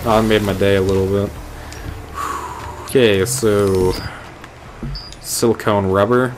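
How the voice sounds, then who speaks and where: A young man talks over his gameplay in a lowish voice, cursing and joking as he rambles. His delivery is casual and loose. A faint hiss sits under the recording. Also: steady tone, moderate pace. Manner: profane, rambling, jokey. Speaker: gaming video host. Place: indoors at home, late at night.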